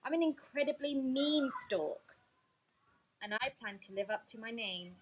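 Storybook villain: a rude, boastful beanstalk, loud, slow taunting, voiced by a woman. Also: a little high, animated. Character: boastful mean talking beanstalk, rude and teasing.

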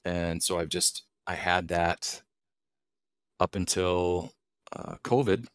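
A middle-aged man with a low voice talks easily as a podcast guest. He spins stories and throws himself questions, then answers them. The sound is close and dry, with no room around it. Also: takes it slowly, smooth, no room sound. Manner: easygoing storyteller who asks and answers his own questions. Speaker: guest, wild game chef. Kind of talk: casual podcast conversation.

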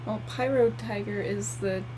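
A woman co-hosting a casual online chat, quick with laughing asides and relaying messages from the chat. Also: mid-range voice, steady tone, noisy background.

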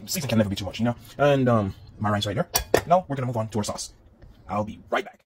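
Brisk, chatty Jamaican man cooking. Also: on the low side, very noisy. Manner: chatty, upbeat, talks to viewers while cooking. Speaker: home cook. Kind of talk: cooking vlog narration. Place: home kitchen. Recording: home kitchen with loud sizzling pan.

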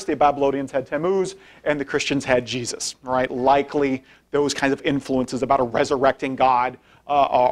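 A man giving an informal lecture with slides as a guest speaker. He talks conversationally, often tags sentences with "right?" and asks for the next slide as he goes. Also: medium pitch. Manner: conversational, frequent tag questions; directs slide changes while speaking. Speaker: guest speaker, philosophy professor.

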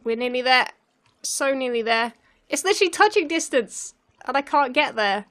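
Her voice is high and a bit bright, with lively intonation and a normal pace. A young let's play gamer, she gives live commentary on her own play, flustered, coaching herself aloud and laughing frequently.

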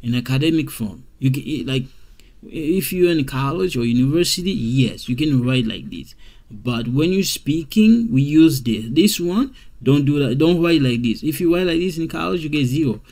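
A man teaching a beginner English grammar lesson, repeating example sentences slowly with many fillers and checks. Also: a little high, lively intonation, a little mellow. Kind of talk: slow classroom grammar lesson.

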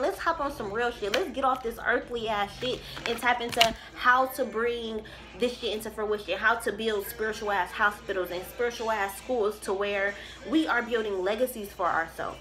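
A woman's voice: fairly high pitch, a bit bright. A woman giving a casual tarot reading to camera. She talks in an emphatic, profane and preachy way, rambling and restarting her sentences. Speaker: tarot reader.

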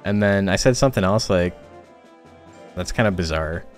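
A man with a lowish voice commentates on a game tournament stream, chatting loosely and filling pauses with "uh" and "like". Faint music plays under his talk. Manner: chatty, rambling, frequent filler words.

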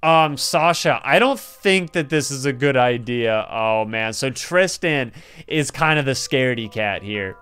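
A young man who runs a gaming channel reads in-game story dialogue aloud and reacts excitedly, laughing and gasping often. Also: mid-range voice, unhurried, clean tone. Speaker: gaming YouTuber. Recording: faint background music.

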